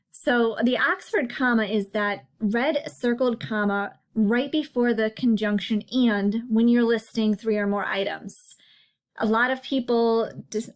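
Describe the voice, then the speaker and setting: A woman narrating a slide lesson as a writing tutor, explaining patiently and slowing down to stress each example. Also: fairly high pitch. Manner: clear, patient explaining with slow emphasis on examples.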